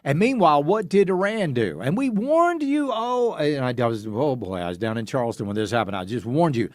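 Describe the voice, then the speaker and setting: Sarcastic, lively talk radio host. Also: male voice, a little high, fairly quick, dry recording, studio quality. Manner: sarcastic, emphatic, storytelling. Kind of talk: political talk radio commentary. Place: radio studio. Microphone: studio microphone.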